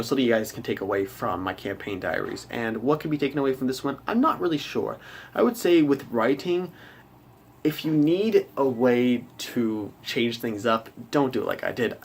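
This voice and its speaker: A man's voice: medium pitch, husky. A man who runs a tabletop game, giving a rambling, conversational recap of a session and acting out his players' reactions. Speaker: game master.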